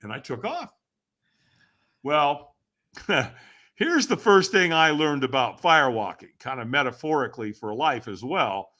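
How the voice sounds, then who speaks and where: A man who is a guest on a podcast, telling a story dramatically and acting out the voices and shouts of the people in it. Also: mid-range voice, sing-song, a little slow. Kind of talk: animated storytelling.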